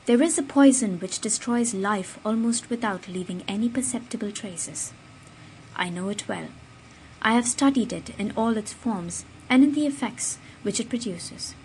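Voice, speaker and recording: A woman's voice: on the high side, normal speed, darkish tone, a little hiss or hum, close to an everyday voice, rough recording. A woman voicing a grave male doctor who speaks firmly and emphatically. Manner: firm and emphatic.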